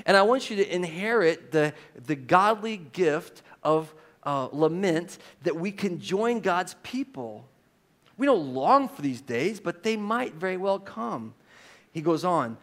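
A man preaching to his congregation in a church sanctuary, his voice sitting a little high. He reads scripture aloud with heavy emphasis, swinging between loud, stretched-out lines and quiet, low asides. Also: sing-song, normal speed. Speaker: pastor. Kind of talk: sermon.

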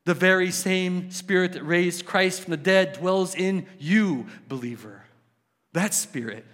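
A male pastor delivers a passionate sermon with a rather high voice. He swings from loud exclamations down to near-hushed questions. A long hall reverb trails behind every phrase. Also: unhurried.

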